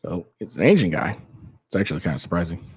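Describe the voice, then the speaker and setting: A man's voice: low-pitched, sing-song, fast, breathy edge. A man giving casual, rambling reaction commentary, swearing often and thinking aloud with frequent restarts. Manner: thinks aloud, trails off quietly at times. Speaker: commentary streamer.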